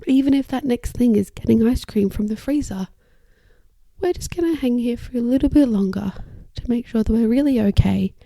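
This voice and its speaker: A woman occupational therapist hosting an educational podcast, speaking in a calm, measured way into a microphone, her phrases often trailing off into breathy whispers. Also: fairly high pitch, dry recording.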